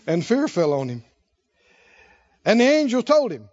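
A male preacher with a very high voice, delivering an animated sermon in a church. He speaks slowly, with big swings in pitch, exhorts his listeners and laughs often. The recording is dull and lo-fi. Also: some chatter behind.

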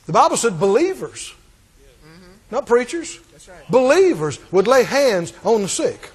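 A man preaching a sermon, animated and rising to emphatic, shouted points. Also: very high voice, unhurried, slightly rough.

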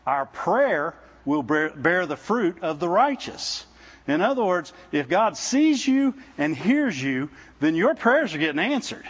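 A man preaches in a loose, conversational way, often stumbling and repeating words before going on. His voice sits high for a man, and he keeps turning to the congregation with "Amen?" The recording sounds muffled and lo-fi. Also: big pitch swings, a little slow, breathy edge. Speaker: visiting preacher. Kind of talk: sermon. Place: church service with congregation.

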